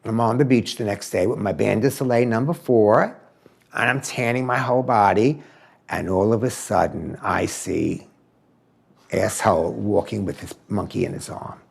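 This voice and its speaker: A man telling a story in an animated way, acting out the voices of the people in it. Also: on the low side, moderate pace, creaky, husky. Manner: acts out the voices in his story. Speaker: interviewee. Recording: music bed behind voice.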